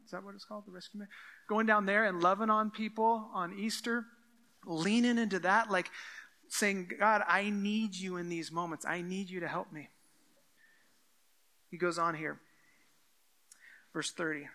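A man preaching a casual, expository sermon, with a notably high and bright voice. He reads the scripture passages aloud and acts out the lines of the people in them. He speaks to the congregation as if in everyday conversation. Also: fairly even intonation, moderate pace, pauses often. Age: adult with children. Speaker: pastor.

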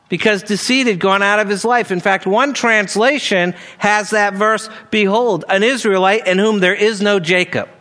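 Man, high voice, sermon, earnest Bible teaching, reads verses aloud, conversational asides. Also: sharp tone. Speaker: preacher.

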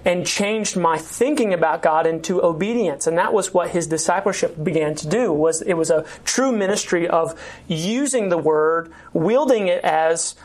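A woman's voice: on the low side, normal speed, a little mellow. A woman teaching a church inquirers' class in a conversational way, with many fillers and restarts.

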